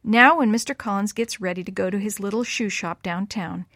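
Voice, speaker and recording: A woman telling a story to children in a gentle, clear voice. Her delivery is unhurried and kind. The sound is close and dry, with no room echo. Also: mid-range voice. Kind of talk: reading a story aloud to children.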